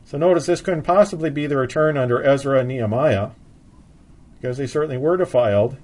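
A man's voice: mid-range voice, fairly quick, darkish tone. A man giving an expository Bible sermon, reading scripture passages aloud in old-fashioned wording and then explaining them plainly. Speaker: Bible teacher.

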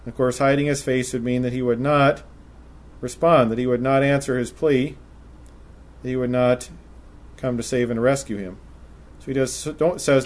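A man preaching a sermon, speaking in a measured way and reading scripture passages aloud in old-style wording. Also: medium pitch, fairly even intonation, a little mellow.

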